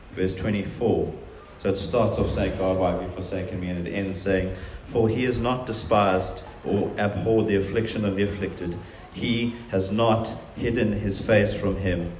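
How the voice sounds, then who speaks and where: A man's voice: low voice, darkish tone, a little hiss or hum. A man preaching a sermon, earnest and emphatic, often voicing quotations in a stronger tone. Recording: very echoey room.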